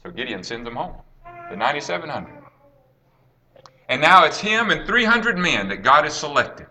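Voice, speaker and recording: Bright-voiced man preaching a Bible story. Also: a little high, sing-song, normal speed, slight background noise. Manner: dramatic storytelling, acts out quoted lines, drops to a hush then rises. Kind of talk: sermon retelling a Bible story.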